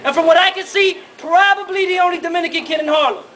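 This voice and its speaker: A man performing spoken word poetry live at a university, rhythmic and dramatic with loud bursts. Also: extremely high pitch, quick pace, far from the mic, some chatter behind. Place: university hall with audience. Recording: live hall from afar, audience.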